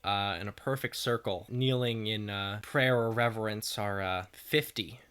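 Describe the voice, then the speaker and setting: A man narrating as game master of a tabletop game, relaxed, with many fillers. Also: fairly low pitch, measured pace, clean tone. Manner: relaxed, laughing, lots of fillers.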